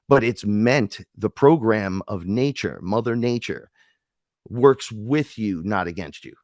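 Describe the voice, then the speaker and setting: In a spiritual storytelling conversation, a guest with a voice on the low side spins rambling, emphatic tales, animatedly voicing the people who appear in them. The audio is clean studio sound without any echo.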